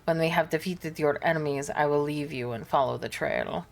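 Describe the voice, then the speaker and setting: A proud, brooding space wolf warrior with a low, dark voice, as a woman reads him out. He speaks defiantly and with growling menace, in game dialogue read aloud. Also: normal speed, vocal fry. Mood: earnest.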